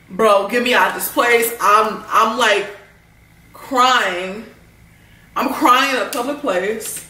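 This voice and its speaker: A young woman, telling an animated, rambling storytime full of slang and filler words. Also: fairly high pitch, echoey room, recorded from a distance, low-quality recording. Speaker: vlogger. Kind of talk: storytime while eating.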